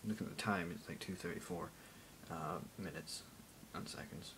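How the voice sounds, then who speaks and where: Teen boy, deep voice, random jokey vlog chatter, phone camera, faint rumble. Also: moderate pace. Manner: random, jokey, self-mocking, mutters asides. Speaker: vlogger. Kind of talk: rambling casual vlog.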